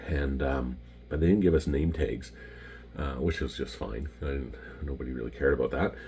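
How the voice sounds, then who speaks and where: A middle-aged Canadian man with a Canadian accent, telling casual stories about his flying days and pausing often with ums and restarts. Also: rumbling low, a little mellow, slight background noise. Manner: rambling, many ums and restarts. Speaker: retired pilot showing his patches. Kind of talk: casual storytelling to camera.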